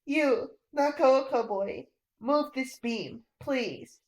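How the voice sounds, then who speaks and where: A woman's voice: high voice, extremely slow, darkish tone, heavily acted. A woman voicing a trapped middle-aged man who begs humbly and desperately for help. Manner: begging, desperate.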